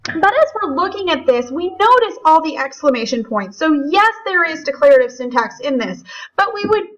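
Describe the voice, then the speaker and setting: A woman, a high school English teacher, explaining grammar in a chatty lecture with frequent fillers. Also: very animated, normal speed, poor audio. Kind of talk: recorded classroom lecture.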